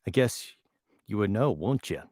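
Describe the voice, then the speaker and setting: A man's voice: lowish voice, expressive, moderate pace, darkish tone, no room sound, studio quality, pitched above the performer's own voice. A man doing an exaggerated Minnesota accent, joking and ending lines on "eh". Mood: jokey. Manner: jokey, drawling, ending lines on eh. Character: man in a broad upper-Midwest accent. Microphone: home microphone.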